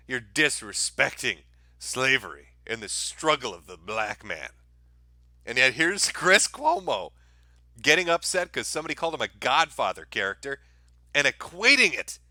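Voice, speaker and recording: Sarcastic man with a bright, dry voice. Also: medium pitch, no room sound. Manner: mocking, sarcastic, profane. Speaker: commentary show host. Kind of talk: sarcastic video commentary.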